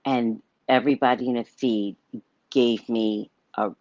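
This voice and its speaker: A woman's voice: extremely low pitch, steady tone, measured pace, darkish tone, no room sound, lo-fi sound. A woman hosting a psychic livestream in a casual monologue, blunt and given to cursing. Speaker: psychic host of a live show.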